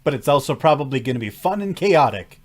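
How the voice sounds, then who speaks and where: A man giving casual reaction commentary on a show, jokey and animated, laughing often and mock-scolding the characters. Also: mid-range voice, fast talker. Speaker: anime and tokusatsu reaction reviewer.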